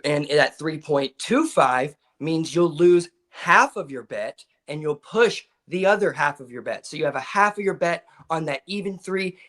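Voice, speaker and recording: A man's voice: a little high, animated, unhurried, few pauses, a bit bright. A man on a live sports betting show, explaining his soccer picks with enthusiasm.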